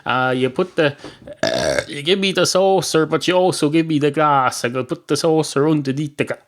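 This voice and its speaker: A man's voice: on the high side, sing-song, normal speed. An Irish man voicing a pedantic, scheming male cat who rambles and hesitates through long, meandering explanations full of fillers.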